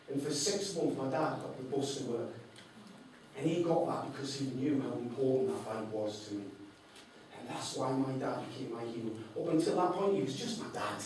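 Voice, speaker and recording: A man's voice: medium pitch, slight background noise. A man telling a personal story to a live audience as a motivational speaker. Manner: animated, acts out an auctioneer's patter. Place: large hall. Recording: echoey hall from far off.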